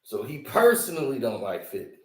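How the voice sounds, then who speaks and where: A man's voice: medium pitch, wildly swooping pitch, brisk, darkish tone. Man giving casual commentary. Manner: explaining, asks rhetorical questions. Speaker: commentary streamer.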